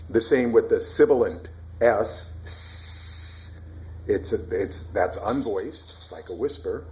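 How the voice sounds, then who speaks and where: A man with a somewhat low voice tells a personal family story in a relaxed, chatty way. He pauses to demonstrate speech sounds and slips into whispers to illustrate his points.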